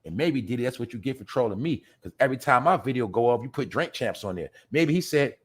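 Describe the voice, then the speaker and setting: A man's voice: medium pitch, animated, quick pace, few pauses, husky. A man hosting an opinionated live-stream commentary, ranting and talking straight to his chat. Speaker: commentary show host.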